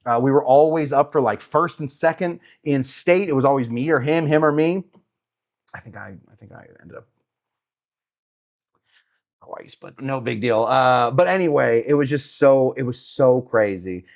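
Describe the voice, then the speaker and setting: A middle-aged man talks casually on a live stream from a hotel room. His voice sits at an ordinary middle pitch. He rambles and muses, full of fillers and small laughs. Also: lively intonation, normal speed, gravelly. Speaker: host of a cocktail show.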